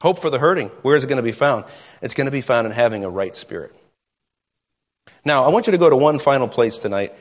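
A man's voice: medium pitch, lively intonation, quick pace, big-room sound. A man preaching a sermon as pastor, emphatic and full of rhetorical questions, often restarting his sentences.

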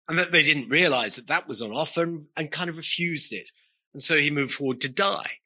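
A man preaching a sermon to his congregation, earnest and emphatic, leaning on slow, stressed phrases. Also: fairly high pitch, bright, forceful tone, breathy edge.

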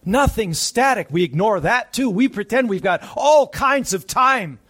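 Animated yet measured in pace, a male preacher delivers his sermon in a slightly husky voice sitting a little above typical male pitch. Loud, urgent high points give way to soft, hushed stretches.

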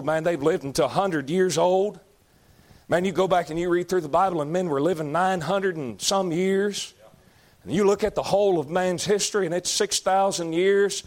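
A man preaching a fiery sermon, emphatic and repetitive, rising to shouts. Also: high voice. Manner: folksy, emphatic, shouting at peaks, repeats lines.

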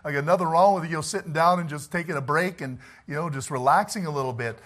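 A middle-aged pastor preaching in church with a bright, forceful, somewhat high voice. He talks in a folksy, conversational way, full of asides and chuckles, and presses his points hard. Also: fast talker.

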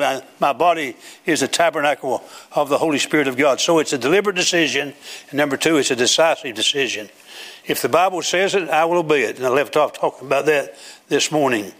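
A brisk, slightly high male voice belongs to an older man giving a sermon in a church sanctuary with a platform. He rises emphatically into declaiming runs and a loud preaching cadence.

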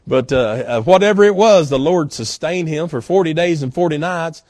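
A man's voice: fairly high pitch, moderate pace, a little mellow, no room sound, studio quality. Folksy emphatic preacher man. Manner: folksy, emphatic, with frequent fillers. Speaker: guest pastor. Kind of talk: sermon. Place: church.

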